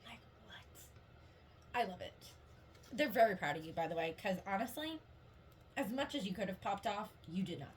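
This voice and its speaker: A woman's voice: medium pitch, animated, fairly quick, slight background noise. A woman giving a casual tarot reading to her viewers. She talks in a rambling, upbeat way, laughs often and says "like" a lot. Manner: chatty and rambling, heavy use of "like"; giggly, upbeat and encouraging. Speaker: tarot reader.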